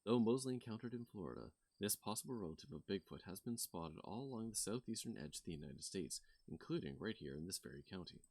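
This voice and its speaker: A man's voice: fairly low pitch, lively intonation, fast talker, vocal fry, hardly any pauses, a little mellow, no room sound. A man voicing a chirpy young monster-hunting vlogger woman. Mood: presenting. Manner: chirpy, presenter-like. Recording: music playing behind.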